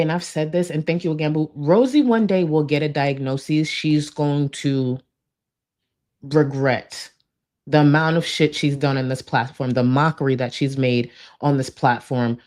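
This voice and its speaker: A woman with a deep, low voice gives reaction commentary over clips. She's blunt and profane, with exasperation running throughout.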